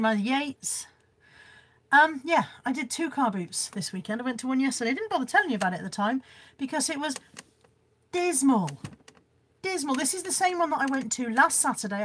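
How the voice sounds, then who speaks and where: A hoarse, froggy-voiced woman hosting a casual live stream, chatty and self-mocking as she greets viewers by name. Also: a little high. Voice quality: husky, slightly froggy voice. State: hoarse from a cold. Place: indoors at home.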